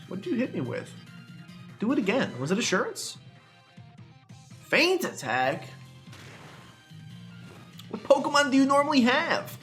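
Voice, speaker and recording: Young male let's-player, animated and chatty, talks back to the game; soft music under him. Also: sits high. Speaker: gaming YouTuber. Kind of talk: let's play commentary.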